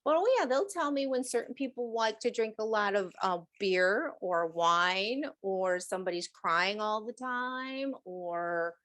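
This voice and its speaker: A woman's voice: a little high, animated, normal speed, few pauses. A middle-aged woman hosting a show about animal messages, talking casually, laughing often and slipping into playful voices. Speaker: animal communicator host. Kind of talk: casual chat.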